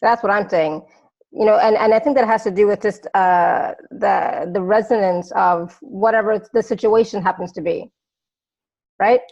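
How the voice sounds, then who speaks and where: Woman talk show host, mid pitch, casual questioning, muffled lo-fi sound. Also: steady tone, moderate pace, gravelly, a little mellow. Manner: agreeable, questioning. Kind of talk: casual interview chat. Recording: dull, muffled audio.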